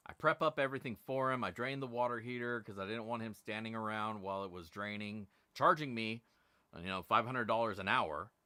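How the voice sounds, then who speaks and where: A man's voice: on the low side, brisk, pushed and bright, clear, resonant tone, no echo. A middle-aged man hosting a live stream, telling a long, profane, exasperated story about being overcharged. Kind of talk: casual ranting live stream.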